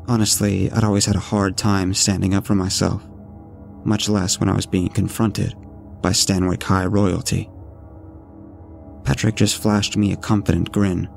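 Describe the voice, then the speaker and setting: A man narrating a first-person horror story at a measured, steady pace. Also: sits low, vocal fry. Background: faint background music.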